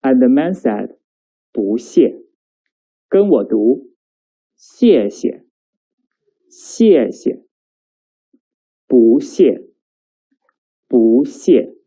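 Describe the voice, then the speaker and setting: A woman leads a recorded lesson at an unhurried pace. Her voice is deep and mellow, never bright. She says words slowly and carefully so the student can repeat them. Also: big pitch swings, husky, rough recording. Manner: slow, careful enunciation with drills for the listener to repeat. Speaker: Chinese language teacher.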